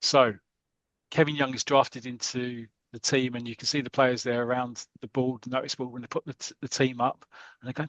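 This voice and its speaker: A man, a podcast host retelling a comic strip in a chatty, animated way. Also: mid-range voice, a little fast, no echo, muffled recording.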